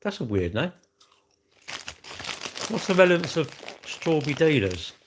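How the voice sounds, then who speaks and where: A man's voice: a little high, very animated, unhurried, background noise. Rambling man livestreaming. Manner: rambling, chatty, greeting viewers by name mid-sentence. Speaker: livestream host. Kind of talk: casual live-stream chat.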